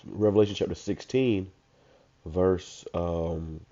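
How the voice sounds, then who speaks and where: A man with a stuffed-up voice who reads verses slowly, then comments on them in casual slang. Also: sits low, fairly even intonation, warm tone. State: congested, stuffed up. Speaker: street preacher. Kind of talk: informal scripture commentary. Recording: dull lo-fi recording.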